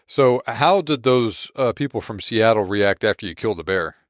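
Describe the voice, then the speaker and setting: A man's voice: lowish voice, lively intonation, normal speed, dry recording, studio quality. A man hosting a podcast in a casual, laid-back chat, laughing often. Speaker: podcast host.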